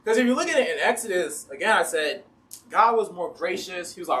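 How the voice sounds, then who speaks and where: A man's voice: sits high, animated, brisk, bright, forceful tone, recorded from a distance. A man with an Ohio accent preaching a casual sermon in a church, reading scripture and acting out the complaining people and God in everyday talk. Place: church sanctuary.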